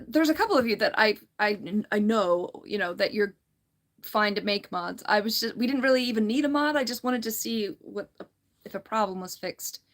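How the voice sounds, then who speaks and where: A woman's voice: on the high side, a bit bright. A woman chatty, giggly livestream host. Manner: chatty and giggly, often restarting sentences. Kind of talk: casual livestream chat, reading viewer comments.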